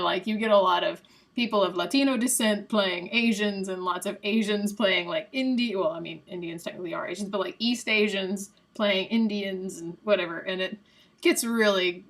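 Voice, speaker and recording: An American woman hosts a livestream, her medium-pitched voice fairly bright in tone. She reads quiz answers aloud in a chatty, casual way and laughs often.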